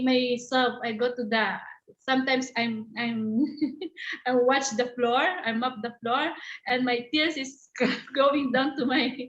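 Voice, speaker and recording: A woman from the Philippines, a caregiver sharing her experience in halting, repetitive English. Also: sits high, fairly bright tone, reverberant, muffled recording. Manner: halting, repetitive, searching for words. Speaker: caregiver and panel guest. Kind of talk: personal testimony in a discussion.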